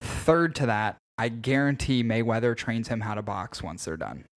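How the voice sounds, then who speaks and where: A man co-hosting a casual podcast, talking about fights in an animated, opinionated way and swearing freely. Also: medium pitch, normal speed. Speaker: podcast co-host.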